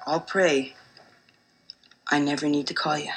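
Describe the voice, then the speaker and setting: A woman's voice: low-pitched, steady tone, unhurried, breathy edge. A woman playing a skeptical young woman in an audio promo, curt and dismissive. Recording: noisy promo recording.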